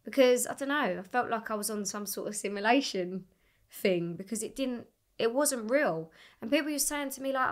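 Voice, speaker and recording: A young woman, a singer, telling her story in a casual interview, animated and swearing freely as she acts out what people said. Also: medium pitch, moderate pace. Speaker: singer guest.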